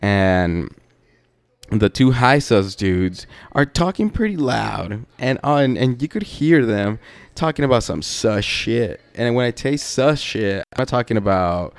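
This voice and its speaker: A man hosts a podcast and tells a story in a loose, profane, laid-back way, slipping in laughing asides. His voice is smooth and clean, and his pace is unhurried. The sound is dry and close. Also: medium pitch, expressive, no room sound. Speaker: podcast host. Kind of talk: casual storytelling.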